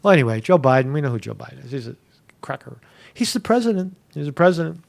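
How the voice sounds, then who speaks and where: A man's voice: medium pitch, very animated, fast talker, gravelly. A man from Pennsylvania hosting a live show, talking in a rambling, sarcastic way and swearing freely. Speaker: host.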